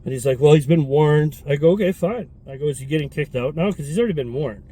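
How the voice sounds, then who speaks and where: A man who owns a fitness studio, telling a heated, profane story in a casual, animated way. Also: fairly high pitch, fast talker, breathy edge, low-quality recording.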